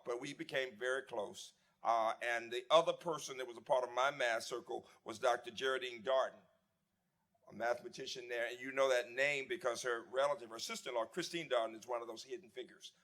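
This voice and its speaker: A man in his seventies, a former dean, giving a reflective memorial tribute and reminiscing warmly with some restarts. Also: medium pitch. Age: 70s. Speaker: eulogy speaker, former dean. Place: memorial service.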